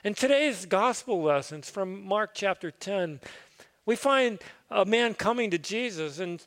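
A man's voice: sits high, animated, measured pace, a bit bright, long reverb tail. A man speaking as a pastor, giving a sermon in an earnest, conversational way with easy asides.

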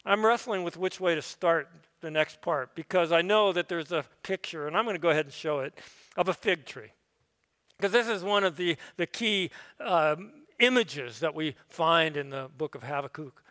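A middle-aged man preaches from the pulpit in a relaxed, folksy way, his speech dotted with fillers and restarts. His voice sits a little high and rings bright. Long reverb from the church sanctuary trails behind each phrase. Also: moderate pace. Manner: folksy, conversational with frequent fillers. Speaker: pastor. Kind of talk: sermon.

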